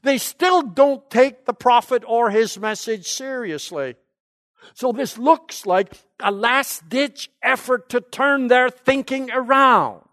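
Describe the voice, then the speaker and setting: Male Bible lecturer with a high voice, emphatic classroom delivery and rhetorical questions, in a dry room. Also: takes it slowly, bright, forceful tone, dry recording. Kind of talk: teaching lecture.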